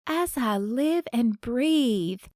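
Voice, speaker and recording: A woman's voice: animated, extremely slow, dry recording, clean studio sound. A woman narrator voicing an effusive, folksy grandmother in her sixties with a lyrical Southern accent, in an audiobook. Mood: delighted. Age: 60s. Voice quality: lyrical, higher and brighter. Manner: effusive, folksy, playfully bossy. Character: warm older Southern grandmother, former star singer.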